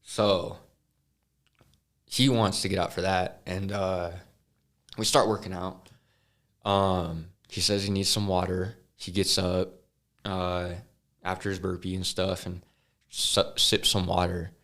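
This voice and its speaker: A man as a podcast guest, earnestly telling a personal story with halting restarts and sighs. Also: sits low, little pitch movement, a bit bright. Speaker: interview guest.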